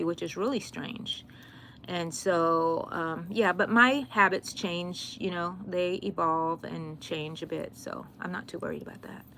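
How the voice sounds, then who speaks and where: A middle-aged woman, chatting casually with viewers on a crochet livestream, given to sudden excited squeals. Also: lowish voice, slight background noise.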